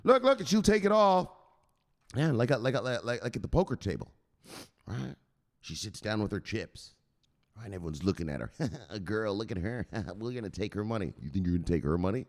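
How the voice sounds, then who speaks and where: A man's voice: lowish voice, big pitch swings, brisk. A man hosting a crypto news channel in profane, joking, rambling casual commentary.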